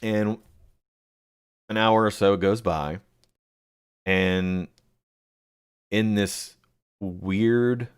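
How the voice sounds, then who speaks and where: A man hosting a live chat, answering viewers by name and rambling with many pauses and fillers. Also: sits low. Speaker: livestream host reading chat.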